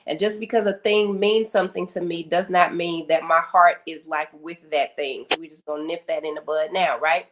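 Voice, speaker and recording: A woman's voice: lowish voice, normal speed, few pauses. A middle-aged woman, a guest speaker on grief, telling a story and acting out the people in it. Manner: animated storyteller acting out quotes. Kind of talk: storytelling interview talk.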